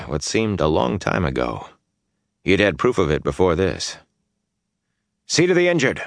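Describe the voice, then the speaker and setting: Man, very low voice, dry close studio sound, measured audiobook narration. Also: no room sound. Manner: measured, even storytelling. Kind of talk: scripted fantasy narration.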